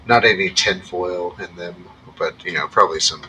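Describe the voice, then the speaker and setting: A man's voice: low voice, moderate pace, sharp tone. A man running a tabletop game, describing scenes casually with lots of fillers. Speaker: game master. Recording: distant mic, faint noise.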